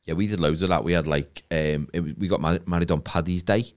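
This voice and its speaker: A man's voice: sits low, fairly even intonation, fast talker. A man, co-hosting a casual comedy chat, rambling and self-deprecating as he tells stories. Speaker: podcast co-host.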